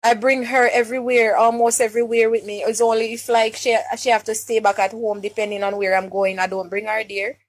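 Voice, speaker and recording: A young Jamaican woman's slightly high voice comes out brisk and level, with hardly any pauses, as she pleads for help on a live stream. She sounds distraught and near tears, questioning listeners and frequently repeating and restarting her words.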